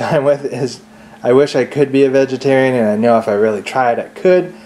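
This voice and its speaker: A man's voice: medium pitch, dark tone, a little hiss or hum. A man filming himself cooking a holiday turkey in his home kitchen, chatty and joking, laughing often. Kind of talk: casual cooking vlog.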